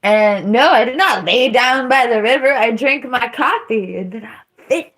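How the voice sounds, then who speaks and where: A woman's voice: a little high, expressive, normal speed, a bit bright. A woman livestreaming, telling rambling stories between laughs and answering her chat.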